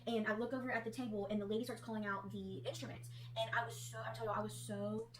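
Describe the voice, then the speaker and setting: A woman's voice: on the high side, level tone, quick pace. A young woman, a new mother, retelling her birth story in a rambling, anxious way, close to tears. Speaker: new mother in a family vlog. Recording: roomy recording with loud hum.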